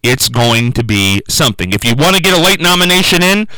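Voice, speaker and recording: A man's voice: medium pitch, big pitch swings, a little fast, bright, forceful tone, poor audio. A man hosting a radio talk show, chatting in a folksy way and repeating phrases for emphasis from the studio.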